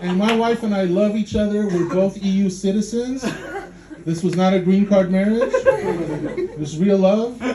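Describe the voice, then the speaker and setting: A man from Poland doing dry, dark stand-up and teasing the crowd, on a handheld mic in a club. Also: high-pitched, normal speed. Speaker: stand-up comedian. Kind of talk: stand-up comedy. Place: dark club room in a city. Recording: echoey club with loud audience noise.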